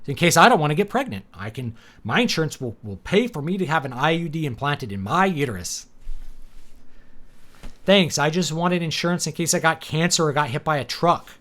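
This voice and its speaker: A man's voice: fairly high pitch, animated, brisk, fairly bright tone. A man hosting a casual live talk show, rambling and opinionated, with sarcastic asides and many fillers and restarts. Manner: sarcastic, laughs at his own points. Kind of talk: casual livestream chat.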